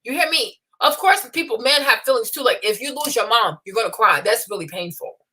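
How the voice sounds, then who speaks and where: A young woman with a high, bright voice hosts her own talk stream. She lectures bluntly and scolds her listeners, launching into animated rants and mocking the people she quotes. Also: a little fast. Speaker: host. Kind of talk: unscripted opinion livestream.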